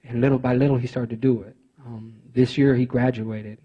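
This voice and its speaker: Earnest man telling his story, soft-toned. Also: mid-range voice, steady tone, slightly rough, muffled recording. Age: adult father of teenage sons. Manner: earnest, halting, with many fillers and restarts. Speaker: conference speaker. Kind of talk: personal storytelling speech.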